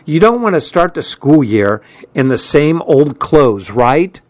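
A man's voice: a little high, big pitch swings, unhurried, no echo. A man voicing a chatty middle-school girl who is bossy but friendly, talking in a bubbly, coaxing way.

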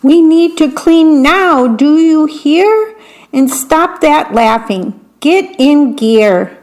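A woman's voice: high voice, expressive, takes it slowly, darkish tone, voice pushed up, poor audio. A woman voicing a bossy storybook mother who orders her family to tidy up, in a raised voice.

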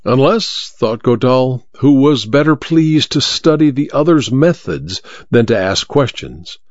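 A male narrator reads a story in a measured, expressive manner. His mid-range voice rises and falls freely. The recording is dry, close and slightly muffled. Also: mid-range voice, no room sound. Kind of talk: audiobook narration.

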